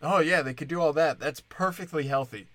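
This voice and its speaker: A man's voice: a little high, brisk, a bit bright, dry recording. Profane, sarcastic ranting man. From Wisconsin. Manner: shifts between mocking and exasperated outbursts. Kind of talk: solo comedic rant.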